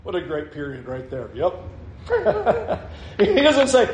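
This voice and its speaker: A male pastor preaching a sermon, animated, acting out the quotes he reads with shifting voices. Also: high-pitched, slow pace, reverberant.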